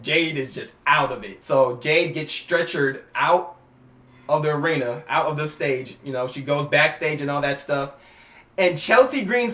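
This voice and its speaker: A man making casual wrestling predictions in an excitable, slangy way, acting out scenes as he goes. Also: on the high side, echoey room. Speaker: YouTuber giving wrestling predictions.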